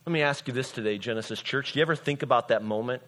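A man's voice: medium pitch, very fast, a bit bright. A middle-aged man from Illinois, a pastor preaching a sermon in a conversational storytelling way with frequent "all right?" asides.

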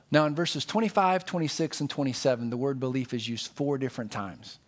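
A man's voice: mid-range voice, brisk, few pauses. A man preaching a sermon as pastor, earnest and conversational, leaning on emphatic repetition.

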